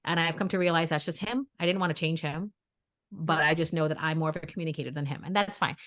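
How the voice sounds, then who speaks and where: A woman, co-hosting a podcast and telling dating stories in a lively, chatty way, acting out quotes. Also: low voice, fast talker. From New York area. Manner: animated storyteller, acts out quotes. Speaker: podcast co-host. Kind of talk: casual chat.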